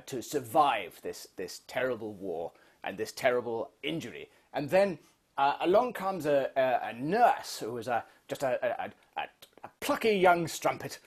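In a comedy interview, a man plays a rambling older film director who is heavily medicated, constantly stammering, halting and starting over. His voice sits in the mid range with a breathy edge.

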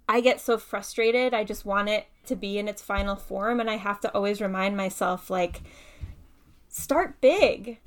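A woman poet talking casually and thoughtfully about writing, often saying "like" and "right". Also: mid-range voice. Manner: thoughtful, uses many fillers like "like" and "right". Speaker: poet and guest speaker. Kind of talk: casual conversational talk with poetry reading.

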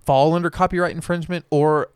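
Young male podcast co-host, smooth clear voice, dry close sound; loose, rambling, profane chat. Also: a little high, steady tone, fast, a little mellow, dry recording. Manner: rambling, swearing, keeps losing his train of thought. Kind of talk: casual chat.

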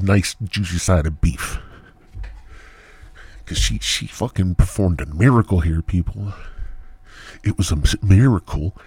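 A man's voice: low-pitched, a little slow, long pauses, darkish tone, breathy edge, dry recording. A man hosting a podcast alone, talking in a profane, rambling comedic monologue that drifts into mumbled asides. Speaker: podcast host. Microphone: new headset mic.

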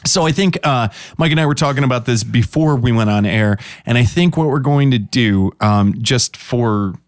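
A man in casual chat as podcast co-host, animated, swearing freely and laughing often. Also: mid-range voice, normal speed, no room sound, clean studio sound.

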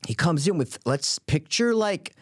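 Animated man telling a story. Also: a little high, measured pace, husky, no echo, clean studio sound. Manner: animated storyteller, swears freely, acts out quoted voices. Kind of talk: casual chat.

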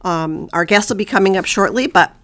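A woman hosting a faith-based podcast, her voice stuffy and nasal as she recovers from illness, earnest and halting with many fillers. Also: mid-range voice, a bit bright. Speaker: podcast host.

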